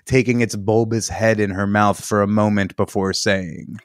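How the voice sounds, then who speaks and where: Low-voiced man reading aloud, dry sound. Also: level tone, moderate pace, no room sound. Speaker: podcast host. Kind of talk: reading fiction aloud on a podcast.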